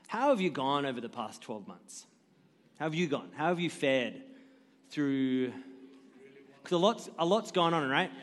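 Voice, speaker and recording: Joking pastor, high voice, church reverb. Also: male voice. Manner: jokey, self-deprecating storyteller. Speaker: guest pastor. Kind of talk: sermon. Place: church stage.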